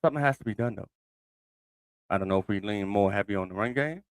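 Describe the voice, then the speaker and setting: A man's voice: lowish voice, fast talker, dry recording. A man hosting his own sports podcast, talking loosely and thinking aloud with many fillers and restarts. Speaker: podcast host. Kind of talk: casual solo sports commentary.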